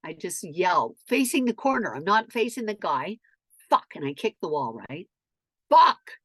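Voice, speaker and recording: A middle-aged woman in casual storytelling chat, animated and profane, acting out shouted quotes. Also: on the low side, moderate pace, slightly rough, dry recording, clean studio sound.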